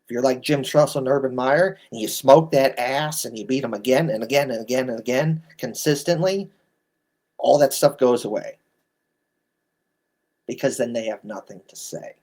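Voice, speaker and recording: A man's voice: medium pitch, normal speed, darkish tone. A man in his thirties ranting bluntly in an exasperated, scolding commentary. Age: 30s. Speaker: sports commentator.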